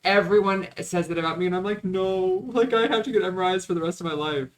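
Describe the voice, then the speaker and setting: This is casual vlog talk from a man in his 20s filming himself on his phone in the car and around stores, swearing as he alternates between humor and venting. His voice sits high and he talks fast.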